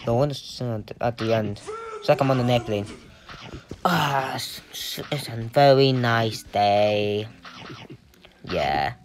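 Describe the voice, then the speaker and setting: A young gamer giving casual, excitable commentary on play, swearing often and breaking into silly singing. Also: mid-range voice, measured pace, pauses often, a little hiss or hum. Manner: excitable, swears a lot, sings and squeals. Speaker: gameplay commentator.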